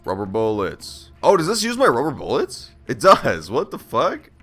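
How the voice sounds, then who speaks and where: A man's voice: medium pitch, wildly swooping pitch, normal speed, fairly bright tone, soft background music. A man giving casual gameplay commentary on a stream, joking and swearing as he reacts aloud to the game. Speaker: let's play streamer.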